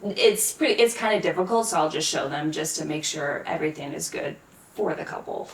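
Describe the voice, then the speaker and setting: A woman's voice: low voice, expressive, a little fast, a little hiss or hum. A woman pastry chef as a guest in a casual interview, easygoing and explaining her work at length. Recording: echoey room, distant mic.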